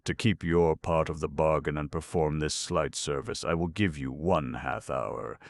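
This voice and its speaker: A man voicing a heartless male wizard king in a storybook, slow, sneering and mocking. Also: rumbling low, steady tone, dry recording, clean studio sound.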